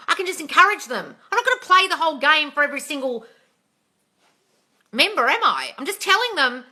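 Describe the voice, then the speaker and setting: A woman's voice: very high voice, sharp tone. A young woman coaching on a phone live stream, blunt and swearing freely as she answers comments. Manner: blunt, swears freely, ranting then laughing. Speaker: manifesting coach.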